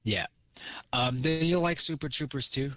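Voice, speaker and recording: A man co-hosts a podcast, rambling casually and profanely about movies with many fillers and acting out quotes. His mid-range voice is fairly bright and moves at a moderate pace, and the recording is dry.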